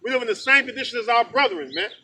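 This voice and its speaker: A man's voice: extremely high pitch, expressive, rapid-fire, bright, forceful tone, breathy edge. A man preaching heatedly outdoors, fiery and profane, tagging sentences with "man". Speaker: street preacher. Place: outdoors in the rain. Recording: distant mic with outdoor noise.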